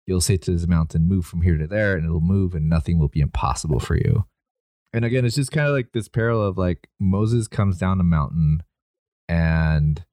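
Low-voiced man retelling scripture. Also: a little mellow, no room sound. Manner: retells stories with hesitant fillers and quoted lines. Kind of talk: casual discussion of scripture.

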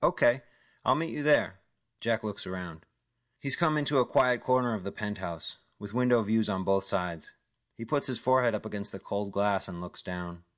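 A man narrating a crime thriller audiobook. His voice sits low and his storytelling is steady and matter-of-fact throughout. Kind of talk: scripted narration.

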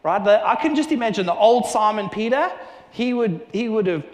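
Male preacher, fairly high voice, animated storyteller; roomy hall reverb. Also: normal speed. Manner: animated storytelling with acted-out dialogue. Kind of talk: sermon. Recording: echoey hall with long reverb.

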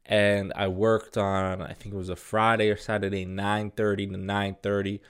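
A man's voice: lowish voice, flat delivery, normal speed, clear, resonant tone. A man hosting a solo podcast alone in a room, rambling in a casual, profane, self-deprecating way.

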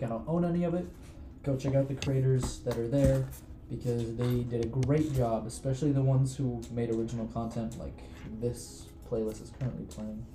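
A man's voice: medium pitch, mellow. A man hosting a tabletop role-play podcast as dungeon master, sick and talking in a jokey, rambling, teasing way. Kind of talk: casual podcast intro chat. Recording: echoey room with background noise.

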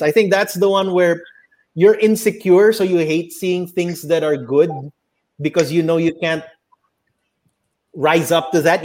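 A young Filipino man with a Filipino accent, co-hosting a casual podcast chat, animated, slipping into Tagalog and swearing. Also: a little high. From Philippines. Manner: animated, mixes Tagalog into English, swears, mock voices. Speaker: podcast co-host.

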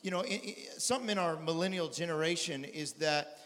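A man in his forties preaching a sermon as pastor, stammering and restarting often, swinging from quiet talk to loud shouted preaching. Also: on the high side, a little fast. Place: church sanctuary. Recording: long reverb of a large hall.

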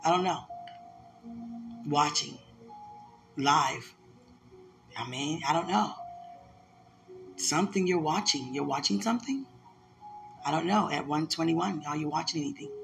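A woman's voice: low voice, moderate pace, creaky, pauses often, music in the background. A woman giving a heartfelt, emotional religious message, repeating herself and laughing often.

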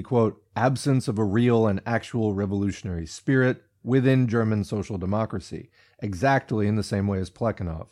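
A man narrating a political audiobook, reading deliberately and with emphasis, marking quotations aloud and adding short comments of his own. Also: lowish voice, warm tone. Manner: emphatic, deliberate reading with spoken quote marks.

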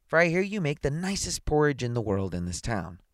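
A man's voice: medium pitch, sing-song, fairly quick, no echo, clean studio sound. A man doing the bewildered man in the moon. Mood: earnest. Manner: courteous, earnest, puzzled.

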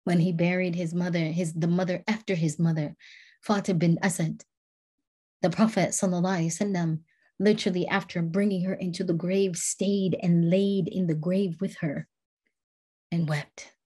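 Woman religious teacher, low husky voice, earnest, repeats phrases for emphasis. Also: steady tone, normal speed, mellow. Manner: earnest, repetitive, builds emphasis by repeating words. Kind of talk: devotional talk.

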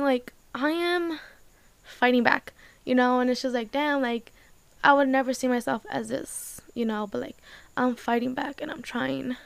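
Young woman, smooth and close. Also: sits high, normal speed, dry recording. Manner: rambling, emotional, heavy use of "like", swears casually. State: tearful. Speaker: vlogger. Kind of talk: casual personal talk to camera.

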